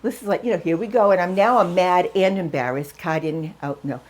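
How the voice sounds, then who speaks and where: A woman in her sixties from New England telling stories in a casual home vlog, excitable and quick to laugh. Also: fairly low pitch. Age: 60s. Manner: excitable, laughs often, acts out voices in stories. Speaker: vlogger. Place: at home, drying her hair.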